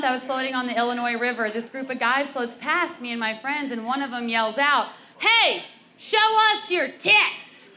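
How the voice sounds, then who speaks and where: A woman's voice: fairly high pitch, noisy background. A young woman performing a bawdy stand-up set on a brewery stage, telling stories with acted quotes. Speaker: stand-up comic. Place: brewery comedy stage before a live crowd.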